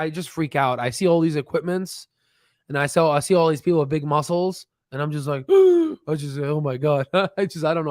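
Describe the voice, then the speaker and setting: A man's voice: fairly high pitch, no room sound, studio quality. A man hosting a stock channel, chatting casually and rambling with many fillers and restarts, laughing at himself. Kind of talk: casual livestream chat. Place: home desk with screen share.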